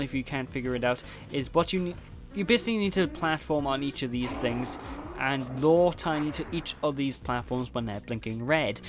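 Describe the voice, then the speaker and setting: Jokey gaming commentator man. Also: mid-range voice. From Wales. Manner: chatty, jokey, addresses viewers directly. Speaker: let's play host. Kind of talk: casual gameplay commentary.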